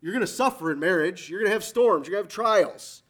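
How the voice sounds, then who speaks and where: High-voiced guy preaching hard, fervent sermon, calls out for amens. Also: animated, fast talker, fairly bright tone. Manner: fervent, rising to emphatic peaks, calls for amen.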